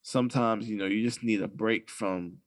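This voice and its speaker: A man's voice: on the low side, fairly even intonation, normal speed. A young man co-hosting a casual podcast, talking in a loose, profane way and laughing through his stories. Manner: laid-back, profane, laughs while telling stories. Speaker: podcast co-host. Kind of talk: casual chat.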